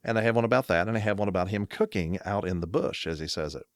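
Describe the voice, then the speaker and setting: A man's voice: lowish voice, very fast, clean tone, dry recording, studio quality. A man co-hosting a casual chat podcast, telling a rambling story and laughing often. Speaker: podcast co-host.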